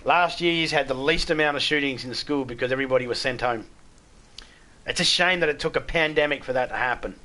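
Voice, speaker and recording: Speaking briskly in a medium-pitched, pushed and bright voice, a middle-aged Australian man talks casually with his live game stream audience. He stumbles through restarts, stays blunt, and swears a lot.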